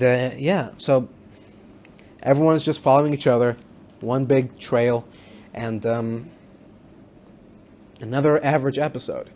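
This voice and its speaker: A man's voice: medium pitch, a little mellow. Rambling man reviewing a show. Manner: rambling, many fillers and restarts. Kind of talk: casual spoken review.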